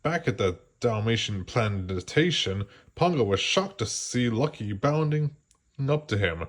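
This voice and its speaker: A man reading a children's storybook aloud, gently slowing down for the suspenseful parts. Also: lowish voice, animated. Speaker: storybook reader. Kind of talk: children's read-aloud narration.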